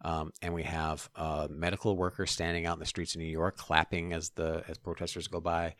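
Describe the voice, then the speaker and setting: A man's voice: low voice, level tone, a little fast, a bit bright, no room sound. A man co-hosting a casual political talk show, blunt and profane, with laughs in between. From Minneapolis area. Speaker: podcast co-host.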